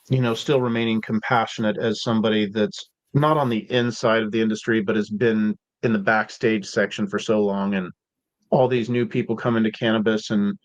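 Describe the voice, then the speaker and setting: A man's voice: on the low side, no room sound. A man guest on a podcast, telling rambling stories in a casual, profane way, full of "like" and "dude". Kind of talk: casual storytelling.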